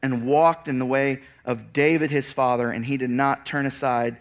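A man preaching a sermon, reading scripture aloud and then retelling it as a lively story with casual asides. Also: mid-range voice, normal speed. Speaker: pastor. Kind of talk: expository sermon.

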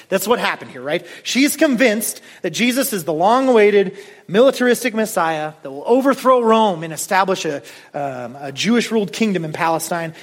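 A man preaching a sermon in a conversational, emphatic way, often saying "like" and speaking straight to his listeners. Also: on the high side. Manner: addresses listeners directly. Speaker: pastor.

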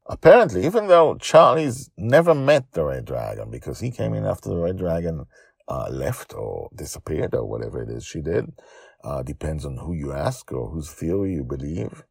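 A man who writes and reads his own story aloud, narrating with lively expression and chatting about the writing. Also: a bass voice, normal speed, gravelly, breathy edge, no room sound, clean studio sound. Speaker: author and storyteller. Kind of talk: storybook narration and author commentary.

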